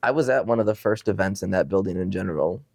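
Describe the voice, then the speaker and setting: A laid-back man chatting as a musician guest, easygoing and quick to laugh. His voice sits fairly low and sounds dry and close on the mic. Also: creaky, dry recording. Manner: laid-back, laughs easily, says bro. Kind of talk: casual chat.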